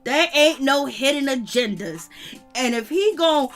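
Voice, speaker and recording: A woman hosting her channel, giving slangy, animated reality TV gossip commentary and laughing often. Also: high voice, a little slow, soft background music. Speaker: channel host.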